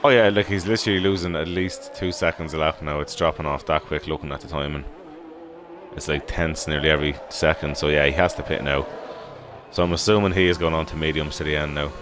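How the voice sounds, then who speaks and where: Deep-voiced Irish man calling a race. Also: fast, noisy background. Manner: steady play-by-play, informal banter. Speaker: race commentator. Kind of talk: live sim racing commentary. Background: background music.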